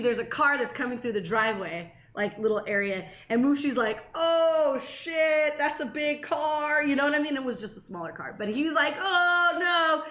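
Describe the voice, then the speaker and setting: Animated high-voiced woman telling a story. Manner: animated, swears freely, laughs while telling a story. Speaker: podcast co-host. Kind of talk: casual storytelling chat. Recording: echoey room.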